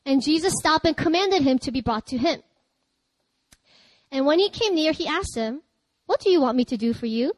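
A woman pastor delivers a lively, chatty sermon, laughing often and breaking into loud cries, at a normal speed with frequent pauses. Her voice sits high, recorded dry and close to the mic with no room around it, and the recording is rough.

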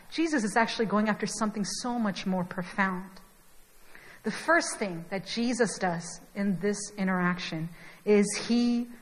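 A young woman preaching a conversational sermon, telling the story in an animated, chatty way with asides to the congregation. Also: medium pitch. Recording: long hall reverb.

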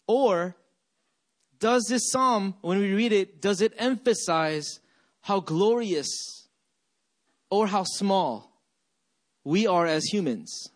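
A male pastor delivers a sermon at a slow, deliberate pace. His voice sits high for a man. He muses aloud and poses question after question to his listeners. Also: lively intonation. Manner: slow, reflective, rhetorical questions.

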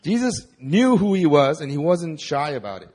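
A man preaching a sermon in a conversational, animated way, with casual fillers. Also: on the high side, moderate pace. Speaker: pastor.

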